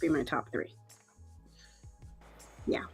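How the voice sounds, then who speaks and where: Wry woman co-hosting. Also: faint music behind. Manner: wry, chatty, quick with asides. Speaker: co-host. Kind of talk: casual livestream chat.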